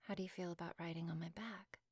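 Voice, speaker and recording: A woman voicing a gentle, protective winged fey woman in a soft, husky whispered role-play. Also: lowish voice, steady tone, fast talker, no room sound, studio quality. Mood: tender.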